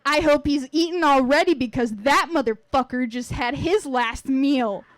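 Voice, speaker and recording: A woman's voice: high voice, lively intonation, takes it slowly, no echo. A woman voicing her furious young adult sister, who screams, curses and sneers. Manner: screaming, cursing, sarcastic.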